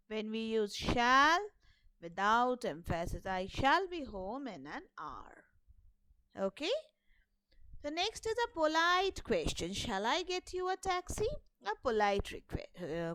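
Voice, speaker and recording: A woman with an Indian English accent teaches a grammar lesson at an unhurried pace, repeating each example and checking in with "okay" as she goes. Her voice sits high and sounds clean and smooth. It is recorded close and dry, with no room sound. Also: a bit bright, dry recording, rough recording. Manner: patient, repeats each point and says "okay" often.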